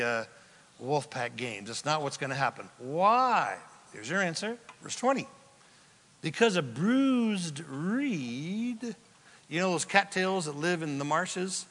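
A man preaching a sermon as a pastor, telling the story in a lively, joking way and acting out the quotes. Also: high-pitched. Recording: long hall reverb from a large room.

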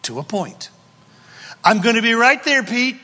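God as a fervent, protective male deity, high and strained, bright and forceful, close to shouting, with a long hall reverb trailing off every line, as a preacher acts him out in a sermon. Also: lively intonation, measured pace, slightly rough, exaggerated voice. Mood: impassioned. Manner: impassioned, rising to a shout.

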